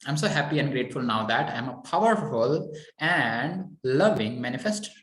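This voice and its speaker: A man's voice: mid-range voice, animated, moderate pace, a bit bright. Encouraging male coach in an echoey room. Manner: repetitive, encouraging, many "okay"s. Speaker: mindset coach. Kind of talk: coaching session.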